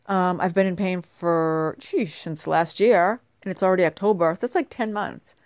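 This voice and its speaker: Bubbly middle-aged woman rambling at home, lowish voice, bit stuffy and nasal from a cold. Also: normal speed, a little mellow, no room sound, clean studio sound. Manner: bubbly, chatty, wandering asides. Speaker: vlogger. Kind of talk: casual chatty monologue.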